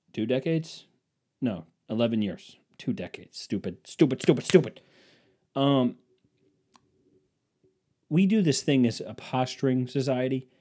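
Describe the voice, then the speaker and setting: A man rants through his own podcast with constant swearing and sarcastic asides. His voice sits at an everyday pitch with a mellow, dark tone. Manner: profane, ranting, sarcastic. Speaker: podcast host. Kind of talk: casual comedic monologue.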